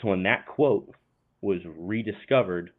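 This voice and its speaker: A man talking as a podcast guest in an earnest, measured way. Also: on the low side. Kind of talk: casual chat and prepared explanation. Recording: tinny phone line.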